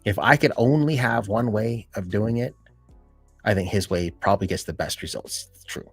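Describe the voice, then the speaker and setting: A man hosting a live stream in casual chat, rambling and filling every pause with "you know" and "like". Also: fairly low pitch, husky, soft background music.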